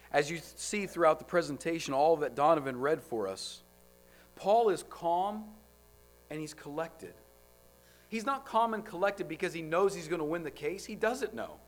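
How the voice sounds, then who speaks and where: A man preaching a sermon, firing off rhetorical questions and swinging between loud, driving lines and quiet ones. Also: a little high.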